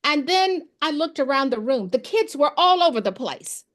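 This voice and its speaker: A former principal and education expert tells classroom stories in an informal interview, animatedly acting out the dialogue. Her voice sits high and she speaks at a moderate pace.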